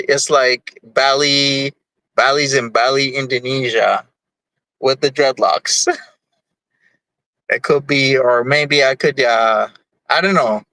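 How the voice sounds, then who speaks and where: A young man from Jamaica chats on his livestream in a rambling, easygoing way and reads out chat messages. He talks unhurriedly and his voice is bright and forward. The sound is dry and close. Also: medium pitch, dry recording, poor audio. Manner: rambling, easygoing, many fillers. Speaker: livestream host. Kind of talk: casual chat, reading chat messages.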